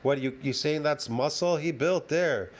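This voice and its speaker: A man's voice: fairly high pitch, a little slow. Swearing man ranting heatedly. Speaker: fitness commentator reacting to a video. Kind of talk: profane reaction rant.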